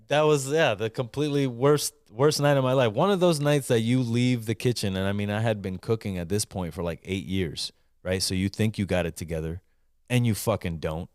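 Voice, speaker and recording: A man's voice: mid-range voice, normal speed, clean tone, dry recording, clean studio sound. A man who is a chef hosting a live call-in show, telling a kitchen story in casual, profane, emphatic talk and often asking "right?".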